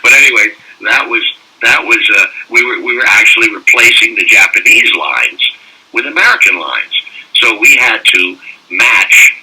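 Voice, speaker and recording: An older man, a voice actor, telling animated anecdotes in a casual interview and slipping into mock French-accent bits. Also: on the low side, moderate pace, slightly rough. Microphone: phone call. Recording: distant phone-call audio.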